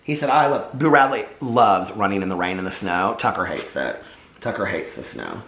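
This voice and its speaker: A man's voice: sits low, animated, normal speed, fairly bright tone, roomy sound, slight background noise. A man vlogging in casual chat to the camera, rambling and heartfelt.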